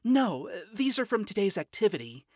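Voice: mid-range voice, sing-song, normal speed, darkish tone, dry recording, studio quality, pitched above the performer's own voice. A narrator voicing a cheerful, earnest young demon princess who talks in an upbeat, encouraging way, in a storybook reading.

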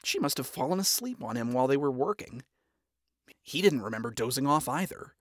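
A narrator reading fan fiction aloud in an expressive, storytelling manner. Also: medium pitch, a little fast, no echo.

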